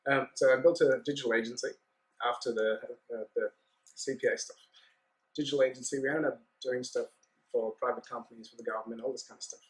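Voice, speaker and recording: A man, a guest on a business podcast, telling his story in a relaxed, chatty way and acting out the dialogue. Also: medium pitch, fast talker, low-quality recording. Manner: animated anecdote-telling with acted-out dialogue. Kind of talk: casual storytelling interview.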